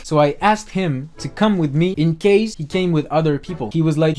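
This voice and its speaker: Young adult man, storytime vlogger, profane and animated. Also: a little high, fairly quick, hardly any pauses, faint music behind. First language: French. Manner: animated, swears, voice rising when angry. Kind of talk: storytime vlog.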